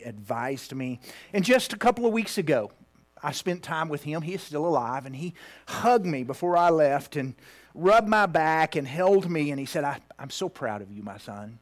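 Preacher, male, 50s, slightly higher voice, heartfelt storytelling that sinks to a hush. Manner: heartfelt, drops to a hushed near-whisper at tender moments. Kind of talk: personal story in a sermon.

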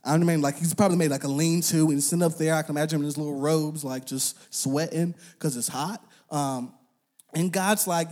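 A man's voice: on the high side, a little fast. A young man preaching a casual sermon in a conversational manner, with slang and filler words, acting out voices in the passages he quotes. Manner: animated, acts out quoted voices.

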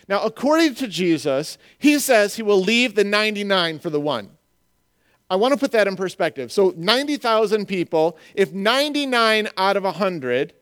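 A man in his forties preaching a sermon, animated and joking with the congregation, acting out little voices. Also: high voice, clear, resonant tone. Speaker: pastor.

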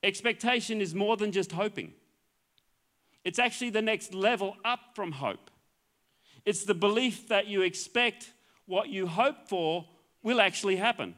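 Australian man, middle-aged pastor, high voice, earnest sermon, repeats and restarts phrases. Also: unhurried, fairly bright tone. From Queensland, Australia.

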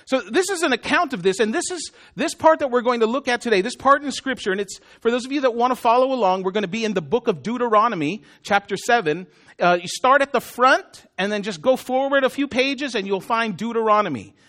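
A man's voice: very high-pitched, animated, fairly quick, a bit bright. A man preaching a sermon in a conversational way, with self-deprecating jokes and asides to the congregation. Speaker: pastor.

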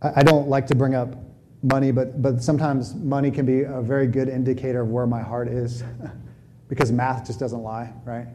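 A man preaching a sermon in a conversational, animated way, often restarting his phrases. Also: medium pitch, normal speed, a little hiss or hum, poor audio. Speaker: pastor.

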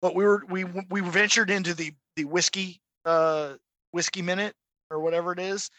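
A man's voice: high-pitched, moderate pace, no echo, poor audio. A middle-aged man co-hosting a podcast in casual chat, telling stories and acting out quoted voices. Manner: animated storyteller, acts out quoted voices. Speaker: podcast co-host.

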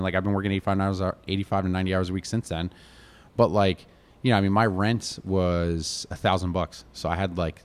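Fast-talking deep-voiced American man. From Connecticut, USA. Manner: rambling, animated storytelling, many fillers like "like" and "you know". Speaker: chef, guest. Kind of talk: casual storytelling interview.

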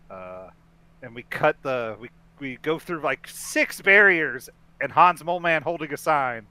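A man with a bright, forceful voice co-hosting a casual podcast and walking through a film scene by scene. He laughs often, restarts sentences and rambles along good-naturedly. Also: mid-range voice, clean tone, no echo. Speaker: podcast co-host. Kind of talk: casual chat recapping a film.

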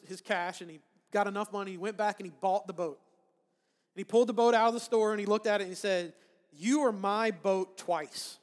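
A man delivers a sermon in a relaxed, conversational preaching style. He often restarts phrases and checks in with his listeners. His voice sits high, and a long hall reverb trails after each phrase. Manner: conversational preaching with frequent "right?" asides and restarts. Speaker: pastor.

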